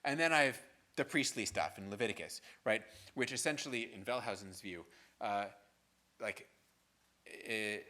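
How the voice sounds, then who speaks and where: A man lecturing a class in an easygoing, chatty manner, his pitch rising and falling as he talks. He keeps tossing in "right?" and "um" while he works through his points. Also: pushed and bright. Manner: conversational, frequent "right?" and fillers. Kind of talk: university lecture. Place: lecture hall.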